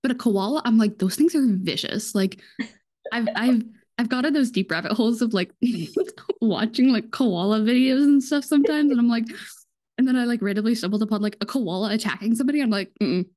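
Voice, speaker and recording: A woman's voice: fairly high pitch, brisk, mellow. A bubbly American woman from Texas hosting a casual podcast. She giggles often and fills her sentences with "like." Her speech has no regional accent. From Texas, USA. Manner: bubbly, giggly, heavy use of "like". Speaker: podcast host.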